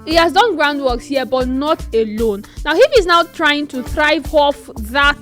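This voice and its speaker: A woman's voice: high voice, lively intonation, a little slow, a bit bright, faint music behind. A young Nigerian woman co-hosting a casual discussion, emphatic and firmly opinionated. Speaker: podcast co-host.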